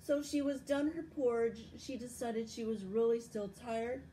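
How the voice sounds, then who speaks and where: A woman telling a story to children at a library, with a slow, expressive, sing-song delivery. Her voice sits a little high but sounds soft and mellow rather than bright. She takes an unhurried pace. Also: a little hiss or hum, low-quality recording. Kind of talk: read-aloud story and tips for children.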